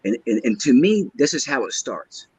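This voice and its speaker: A man telling a personal story as a guest, halting and hesitant, often repeating his words. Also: mid-range voice, sing-song, a little mellow, husky, no room sound. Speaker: guest caller. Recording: dull lo-fi line.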